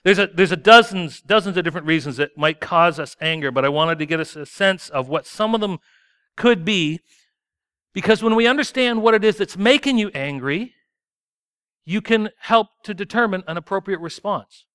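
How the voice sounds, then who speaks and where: A man's voice: high voice, lively intonation, normal speed, a bit bright, smooth, no room sound, studio quality. A man preaching a sermon in a conversational, self-deprecating way. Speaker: pastor.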